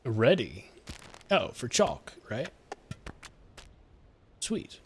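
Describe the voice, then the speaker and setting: A man's voice: medium pitch, big pitch swings, very slow, vocal fry, darkish tone, a little hiss or hum. A man in his twenties chatting casually and joking with viewers while he plays a game live. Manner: rambling, jokey, talks to chat while playing. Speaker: streamer.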